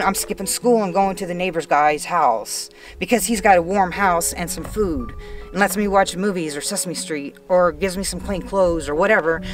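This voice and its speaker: A woman's voice: lowish voice, far from the mic. A woman frankly sharing a painful life story as an interviewee, emotional and close to tears, swearing freely. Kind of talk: candid personal storytelling.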